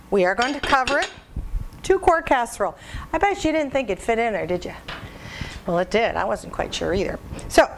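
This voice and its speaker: A woman's voice: on the high side, a little hiss or hum. A woman hosting a home cooking video, chatting folksily to viewers and laughing at herself as she works. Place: home kitchen.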